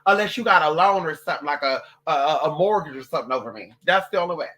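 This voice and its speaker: Foul-mouthed, bright-voiced ranting vlogger. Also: mid-range voice, fast talker. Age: adult, parent of a toddler. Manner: profane, loud and animated, swearing constantly; drops into mocking voices for others. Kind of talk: ranting monologue to camera.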